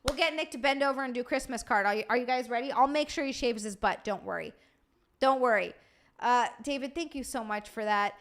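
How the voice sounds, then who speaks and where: A woman hosting a livestream, rambling warmly through thank-yous, tired from lack of sleep. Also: on the high side, a little fast. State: sleep-deprived. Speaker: livestream host. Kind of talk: casual stream sign-off chat.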